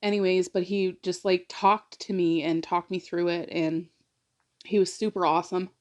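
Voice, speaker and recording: The mukbang vlogger, a woman with a lowish voice, speaks at a moderate pace in a steady tone. She recounts a personal story in a rambling, casual way, peppered with "like" and confiding, emotional asides.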